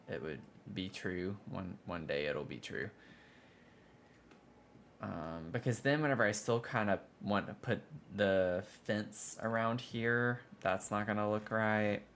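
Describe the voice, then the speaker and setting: A man chats unhurriedly as he builds in a life-sim game on stream, voice sitting a little low. He grumbles about glitches and lets out dramatic groans of dismay. Mouse clicks tap faintly behind him. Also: a little slow, a bit bright, slight background noise. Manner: chatty, frustrated, prone to dramatic groans. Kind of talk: casual livestream commentary while building.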